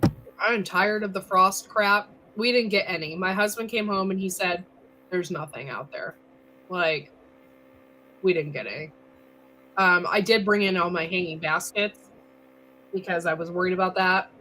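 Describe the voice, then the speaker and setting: A woman co-hosting a casual live stream over a video call, chatty and quick to laugh, peppering her talk with "like" and "dude". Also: on the low side, fairly even intonation, bright, forceful tone, slight background noise. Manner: chewing while talking. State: recovering from illness. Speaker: co-host.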